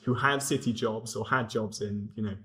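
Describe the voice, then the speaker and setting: A man's voice: fairly low pitch, steady tone, normal speed, fairly bright tone. A young man from England, a guest in a casual discussion, speaking thoughtfully with hesitant restarts.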